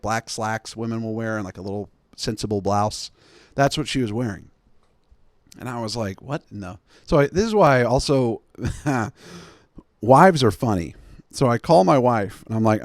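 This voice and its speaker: A man's voice: medium pitch, no echo, studio quality. A man in his thirties hosting a podcast, telling a wild personal story in a casual, emphatic way and laughing as he goes. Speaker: podcast host.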